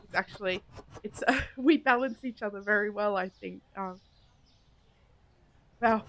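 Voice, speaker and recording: A woman's voice: mid-range voice, measured pace, a bit bright, no echo. A woman live-streaming a game, chatting casually with viewers, giggling often and thinking aloud as she plays. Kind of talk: casual live-stream chat while playing.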